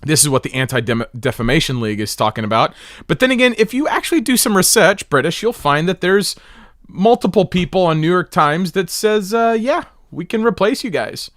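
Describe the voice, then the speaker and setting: A man's voice: sits high, expressive, brisk, fairly bright tone, no echo, studio quality. A man hosting a livestream, rambling and mocking, often laughing at his own jokes. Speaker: livestream host. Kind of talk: livestream commentary.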